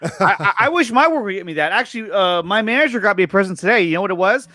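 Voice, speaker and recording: A young man hosting a casual livestream reaction show, chatty and upbeat, reading viewer messages aloud and thanking them, with quick laughs and restarts. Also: high voice, animated, bright, forceful tone. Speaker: host of a review and reaction show.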